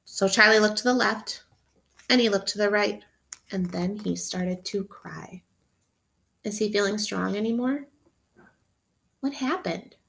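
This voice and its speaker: Gravelly-voiced teacher reading aloud to children. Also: female voice, medium pitch, unhurried, long pauses. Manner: expressive, asks children questions. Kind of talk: interactive read-aloud for children.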